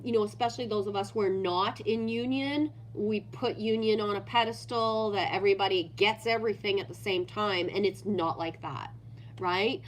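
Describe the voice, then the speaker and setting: A woman's voice: medium pitch, a little hiss or hum. A woman hosting a casual livestream, reading viewer comments aloud and ranting animatedly with constant swearing. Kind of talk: casual unscripted livestream chat.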